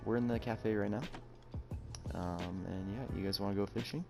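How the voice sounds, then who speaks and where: Low-voiced teen boy hosting a podcast. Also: fairly even intonation, vocal fry, loud music behind the voice. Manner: rambling, halting storytelling with many fillers. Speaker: podcast host. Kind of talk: casual chat.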